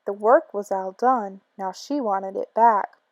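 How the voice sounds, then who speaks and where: Slow, rhythmic woman reading a storybook. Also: medium pitch, no echo, dull audio. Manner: rhythmic, expressive rhyming delivery. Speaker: storybook reader. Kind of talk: children's book read-aloud.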